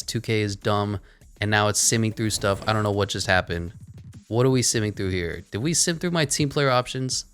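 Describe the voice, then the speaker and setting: A man commentating over a basketball video game, sarcastic and deadpan, with quick offhand asides. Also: lowish voice, clear, resonant tone. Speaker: gaming commentator.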